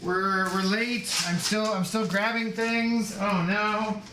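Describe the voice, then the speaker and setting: Male streamer, casual live chat, joking, greets viewers, slightly high pitch. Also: steady tone, takes it slowly, noisy background. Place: home room.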